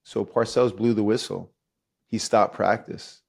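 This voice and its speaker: A man's voice: lowish voice, fairly even intonation, a little slow, creaky, breathy edge. A middle-aged man, a former pro football player, telling stories animatedly in casual conversation and laughing as he goes.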